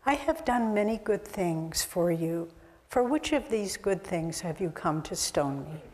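A woman voicing a calm male teacher who speaks quietly and evenly to an angry crowd, recorded with long hall reverb. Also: lowish voice, pitched below the performer's own voice. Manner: quiet and measured. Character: calm, gentle male teacher facing a mob.

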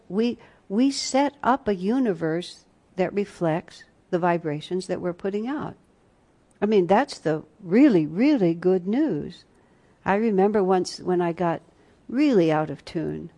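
A woman with a fairly low, mellow voice teaches a spiritual retreat class. She tells her stories casually, restarting often and swinging between soft and louder passages. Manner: conversational storytelling, many restarts, shifts between soft and loud. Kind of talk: spiritual class talk, storytelling.

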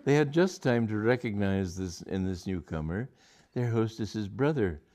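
A man's voice: on the low side, expressive, moderate pace, dark tone. Amused man reading a comic story aloud. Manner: amused, chuckling, occasional stumbles. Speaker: reader.

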